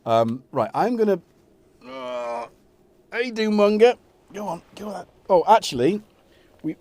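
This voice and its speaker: A man's voice: a little high, very animated, unhurried, a little mellow, dry recording. A middle-aged man hosting a casual live stream, rambling and joking while he talks to his cats.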